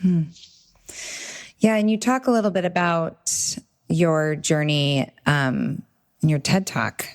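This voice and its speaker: A woman hosts a casual podcast interview with a slightly low voice. She asks open questions and keeps the talk going with steady, affirming murmurs. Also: takes it slowly. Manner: warm affirming listener, frequent mm-hmms. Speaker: podcast host.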